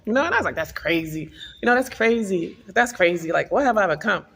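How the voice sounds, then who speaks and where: A woman's voice: medium pitch, lively intonation, fairly quick, vocal fry, fairly bright tone, breathy edge, big-room sound. A woman vlogger earnestly telling an emotional personal spiritual testimony.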